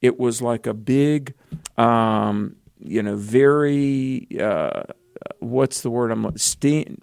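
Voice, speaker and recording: A man's voice: mid-range voice, slow, creaky, darkish tone, dry recording, studio quality. A man co-hosting a Christian call-in radio show, explaining in an earnest way with frequent fillers.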